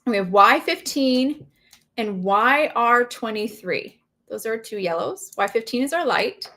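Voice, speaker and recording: A woman's voice: on the high side, animated, unhurried, bright, forceful tone. A woman hosting a craft livestream, chatting casually and telling a family story while she works and reads viewer comments.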